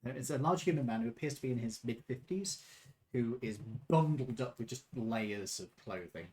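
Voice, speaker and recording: A man's voice: medium pitch, expressive, moderate pace, darkish tone. A man running a tabletop game as game master, narrating casually with hesitant fillers.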